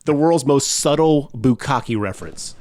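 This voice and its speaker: Laughing, animated man on a podcast. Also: mid-range voice, unhurried, no echo, studio quality. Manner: animated, jokey, breaks into laughter. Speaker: podcast co-host. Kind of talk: casual chat.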